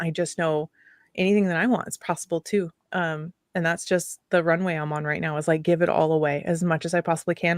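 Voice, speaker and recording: Eager, rambling woman with a lowish voice. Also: no room sound, studio quality. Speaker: guest entrepreneur. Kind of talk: casual enthusiastic talk.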